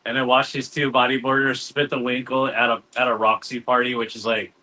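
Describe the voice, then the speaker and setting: A man's voice: mid-range voice, flat delivery, brisk, sharp tone, rough recording. A man in casual chat telling loose stories, full of surfer slang and "dude.". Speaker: cannabis grower, guest.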